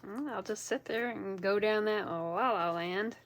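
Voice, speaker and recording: A woman's voice: mid-range voice, unhurried, a little hiss or hum. A woman chatting casually and rambling to herself while she makes an art journal page at home, her nose clogged, with a phone recording close by. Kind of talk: casual crafting chat.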